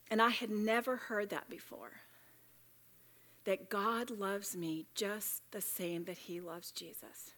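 A woman's voice: medium pitch, takes it slowly, fairly bright tone. A woman giving a Bible study talk to a room of women, chatty and joking yet earnest. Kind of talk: sermon.

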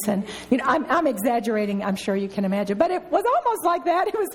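Woman, middle-aged, Bible study teacher, story-driven and giggly, pitched a bit high. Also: sing-song, quick pace, slightly rough. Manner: laughs often while telling stories.

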